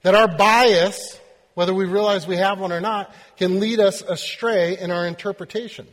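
High-voiced preacher in a reverberant hall. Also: male voice, normal speed. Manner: animated storytelling, acting out voices. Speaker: pastor. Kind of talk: sermon.

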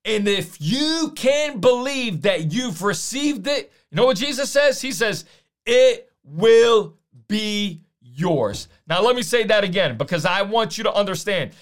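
A man preaching a sermon, emphatic, slowing down to repeat key lines. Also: high voice, animated, fairly bright tone.

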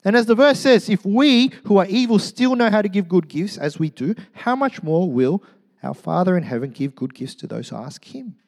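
Man, middle-aged pastor, slightly high voice, lively sermon delivery, loud then hushed. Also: normal speed, creaky, big-room sound. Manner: animated, joking, swings from loud to hushed. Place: church.

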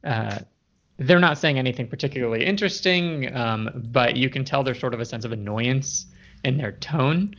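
A man narrating as game master of a tabletop game, relaxed and full of fillers, on a dull lo-fi recording. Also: mid-range voice, normal speed.

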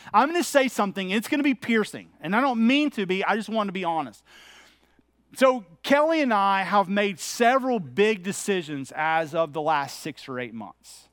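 Middle-aged man, pastor giving a sermon, conversational and candid, high voice, dry close sound. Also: a bit bright, dry recording. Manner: conversational, candid, anecdotal preaching.

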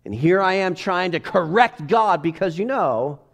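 A man preaching a sermon, moving between quiet reflective passages and loud, rising exclamations. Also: high-pitched, lively intonation, normal speed, vocal fry, few pauses. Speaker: pastor.

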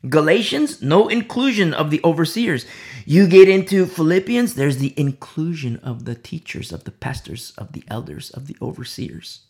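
Brief: woman pastor preaching, lively swooping pitch, repeats her points, sinks to hushed whispers. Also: normal speed. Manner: emphatic, repeats key phrases, drops to near-whispers. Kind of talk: sermon.

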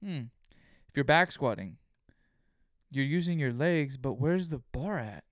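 A man's voice: mid-range voice, unhurried, no room sound, studio quality. A young man hosting a solo podcast, telling stories with heavy swearing and acting out his own thoughts. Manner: profane, animated storytelling, acts out his own inner voice. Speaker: podcast host.

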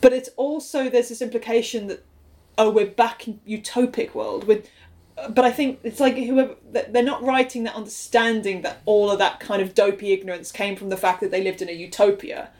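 A woman co-hosting a casual chat, critiquing a show with lively, sweary energy and acted-out quotes. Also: mid-range voice, a little fast. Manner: animated, acts out quotes, swears freely. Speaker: podcast co-host.

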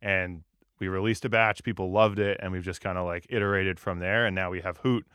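A man talks casually about his work, relaxed and chatty, full of fillers. The sound is close and dry. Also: low voice, fairly quick, clear, resonant tone, dry recording. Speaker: brewery co-founder. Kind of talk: casual podcast conversation.

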